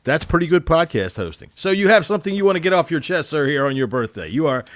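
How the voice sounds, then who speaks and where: A man's voice: on the high side, sing-song, fast, a bit bright, dry recording. A man hosting a sports podcast, joking and self-mocking, with some swearing. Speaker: podcast host. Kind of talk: casual sports podcast chat.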